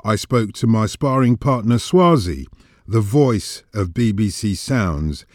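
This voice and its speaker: Low, lively rhyming male host. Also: slow, dry recording, clean studio sound. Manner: rhythmic, rhyming delivery. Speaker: podcast host. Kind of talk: rhyming spoken-word narration.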